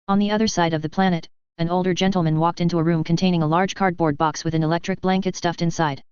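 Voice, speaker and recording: A woman narrating a story in an even storytelling manner. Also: fairly low pitch, quick pace, hardly any pauses, clear, resonant tone, no echo. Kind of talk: audiobook narration. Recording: slightly dull audio.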